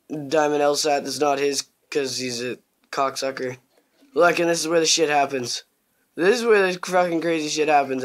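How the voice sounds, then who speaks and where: A young man giving casual, crude gameplay commentary, swearing constantly and bursting into excitement. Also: a little high.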